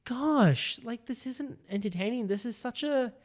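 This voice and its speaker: High-voiced young man ranting casually. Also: animated, a little slow. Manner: rambling, lots of "like" fillers, frustrated. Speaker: podcast co-host reviewing a TV episode. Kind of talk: casual chat.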